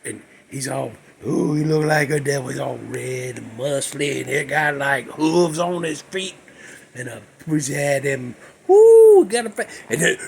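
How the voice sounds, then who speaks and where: A man hosting his own show, chatting casually and in a rambling way about an old movie, breaking into sudden excited whoops. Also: on the high side, vocal fry, a little hiss or hum. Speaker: host.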